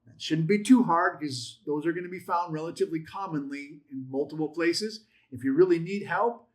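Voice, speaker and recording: A man teaching a Bible class in a methodical way, listing terms, repeating points and asking rhetorical questions. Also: fairly high pitch.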